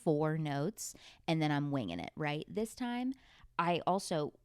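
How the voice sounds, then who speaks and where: A young woman chats through her podcast from a beanbag at home, loose and joking. She teases herself and swears freely. Her voice sits a little low and sounds close and dry, with no room around it. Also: lively intonation, a little slow, darkish tone, clean tone, dry recording. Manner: playful, self-mocking, swears casually. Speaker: podcast host. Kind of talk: casual chat.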